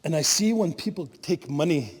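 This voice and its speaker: A middle-aged man giving an animated storytelling talk as a spiritual leader at a conference, laughing at his own stories. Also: on the high side, moderate pace. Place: conference hall. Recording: long hall reverb.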